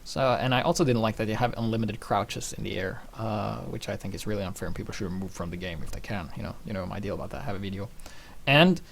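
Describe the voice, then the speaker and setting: Young male vlogger, rambling, animated, swears freely. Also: fairly low pitch, fast, creaky, a little hiss or hum. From Norway. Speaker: channel host. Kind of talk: casual personal storytelling.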